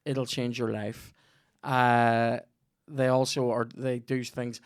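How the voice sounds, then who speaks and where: A man's voice: medium pitch, little pitch movement, slow, clear, resonant tone, no echo, studio quality. A man with a Northern Irish accent hosting a comedy podcast, rambling through a sweary, jokey ad read.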